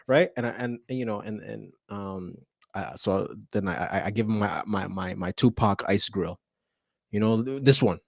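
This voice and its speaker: A man's voice: fairly low pitch, moderate pace, creaky, no room sound, studio quality. A man, a teacher, telling a story in casual chat, laughing often and acting out the people in it.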